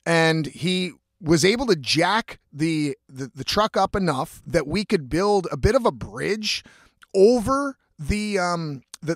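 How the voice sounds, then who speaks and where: A man's voice: a little high, dry recording, studio quality. A man, hosting his own show and telling a long rambling story with heavy swearing and lots of fillers. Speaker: host. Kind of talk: casual storytelling monologue.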